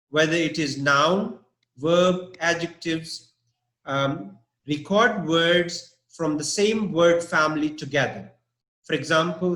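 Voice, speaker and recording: Man, English teacher, live online lesson, slow deliberate delivery, checks in often, echoey room. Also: on the high side, a bit bright.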